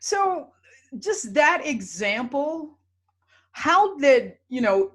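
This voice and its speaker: Woman host with a lively voice. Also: high-pitched, very slow. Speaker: host and coach. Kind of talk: interview questions.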